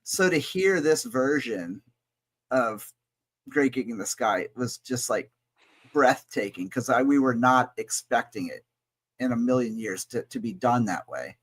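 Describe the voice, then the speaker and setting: A man's voice: mid-range voice, animated, unhurried, slightly rough. A man co-hosting a casual album-review chat show, talking in an enthusiastic, rambling and crude way. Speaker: podcast co-host.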